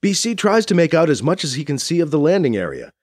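A man narrating an audiobook in expressive storytelling style. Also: quick pace, no room sound, studio quality. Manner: expressive storytelling with lively pitch. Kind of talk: scripted narration.

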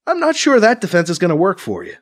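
A dry, teasing young man in a storybook scene, played by a man in a lifted, animated voice. He mixes wry jokes with earnest concern. His pitch moves up and down a lot. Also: fast. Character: wry, caring young man visiting a friend. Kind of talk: audiobook character voice.

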